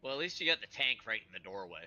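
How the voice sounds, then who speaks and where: Lively, bright-voiced man at a tabletop game. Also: on the low side, faint music behind. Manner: quick, wry remarks and guesses. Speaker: player. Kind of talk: casual game chat.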